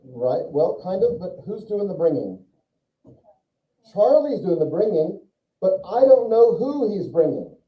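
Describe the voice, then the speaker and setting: A male teacher lectures his class in a high-pitched, very animated voice, taking his time as he chats casually and puts questions to the students. The classroom recording sounds echoey, distant and muffled.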